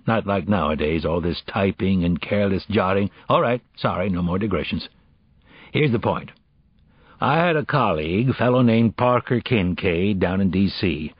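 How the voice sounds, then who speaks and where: A man's voice: fairly low pitch, husky, no echo. A man voicing a sardonic, brilliant middle-aged male criminalist who lectures in a dry, impatient way, in an audiobook. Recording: dull, dry audiobook recording.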